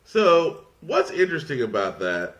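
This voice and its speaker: Man, casual podcast rant, rambling with restarts, lively swooping pitch. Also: unhurried, lo-fi sound. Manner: mocking, fights off laughter. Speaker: podcast host.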